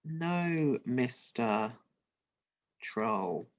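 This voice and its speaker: A storybook goat talks its way out of trouble with slow, careful bargaining, as a teacher puts it on. The sound is dull and lo-fi. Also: medium pitch, expressive. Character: quick-thinking middle goat.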